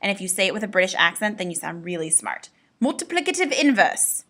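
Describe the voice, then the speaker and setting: A woman's voice: on the low side, fairly even intonation, fast, pushed and bright. A woman teaching a recorded math lesson, explaining step by step with playful asides to her students.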